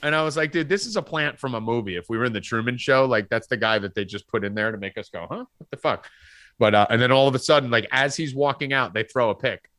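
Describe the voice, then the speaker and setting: A man's voice: mid-range voice, quick pace, no echo, clean studio sound. A man hosting a sports betting podcast, ranting and swearing about football decisions. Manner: profane, ranting, animated. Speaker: podcast host.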